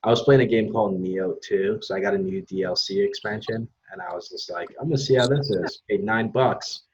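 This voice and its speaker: A man interviewing a guest, asking relaxed, easygoing questions. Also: on the low side, a little fast, lo-fi sound, a little hiss or hum. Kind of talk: casual interview.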